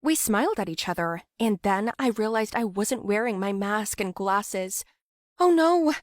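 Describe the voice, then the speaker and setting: A young woman giving scripted narration for an animated story. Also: mid-range voice, moderate pace, no echo, studio quality.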